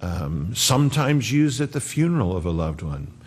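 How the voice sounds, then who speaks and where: Earnest preacher in a reverberant hall. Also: male voice, lowish voice, very animated, moderate pace, darkish tone, husky. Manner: conversational, earnest, acts out quotes. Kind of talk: sermon.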